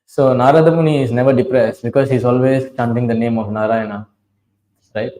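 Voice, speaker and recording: A man's voice: mid-range voice, steady tone, brisk, warm tone, poor audio. A man giving a devotional class, telling scripture stories, chanting verses and asking his listeners questions. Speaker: preacher.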